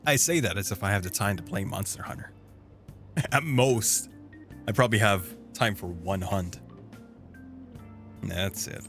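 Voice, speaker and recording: A man's voice: fairly low pitch, unhurried, pauses often, a bit bright, faint music behind. A man streaming a game, reading dialogue aloud and chatting playfully, laughing often. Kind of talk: gameplay reading and chat.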